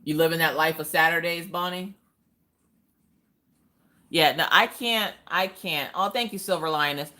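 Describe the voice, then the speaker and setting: A woman with a low, bright, pushed voice hosts a crafting livestream from home, speaking unhurriedly with frequent pauses. She chats casually, tells stories, acts out quotes and talks to her chat.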